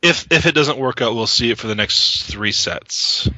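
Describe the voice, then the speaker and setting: Bright-voiced man in teasing banter. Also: mid-range voice, expressive, moderate pace, no echo, muffled recording. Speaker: podcast co-host. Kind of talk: casual chat about card games.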